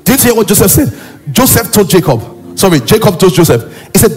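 A male pastor with a Nigerian accent preaching a sermon emphatically, rising into shouts and sing-song. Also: high voice, very animated, quick pace, soft background music.

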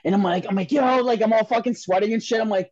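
A man, telling a story on a podcast in an excitable, profane way and acting out the voices of the people in it. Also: sits high, fast talker, no echo. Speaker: podcast guest. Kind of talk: casual storytelling chat. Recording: dull, dry podcast audio.

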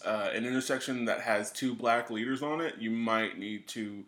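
Bright-voiced laid-back male co-host. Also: medium pitch, normal speed. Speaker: podcast co-host. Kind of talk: casual banter.

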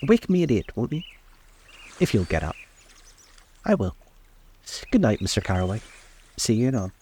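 A man's voice: fairly low pitch, very animated, moderate pace, mellow, a little hiss or hum. A man voicing a cool, poised young sportswoman with a light, offhand delivery.

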